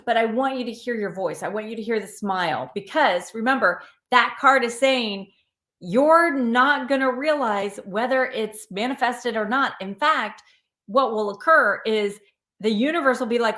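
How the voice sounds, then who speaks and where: A woman's voice: on the high side, moderate pace, fairly bright tone, reverberant. A woman hosting a live card reading, chatting and encouraging viewers by name. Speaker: tarot reader and live stream host.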